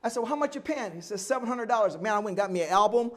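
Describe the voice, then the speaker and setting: A man's voice: sits high, lively intonation, racing, fairly bright tone. An older man giving a live oral history talk, telling stories animatedly, acting out other people's lines and laughing often.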